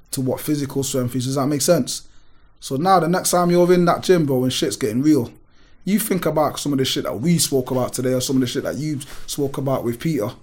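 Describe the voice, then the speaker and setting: A man, a gym owner telling stories in an animated, emphatic way full of street on a casual podcast. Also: mid-range voice. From Britain. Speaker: gym owner and powerlifting guest.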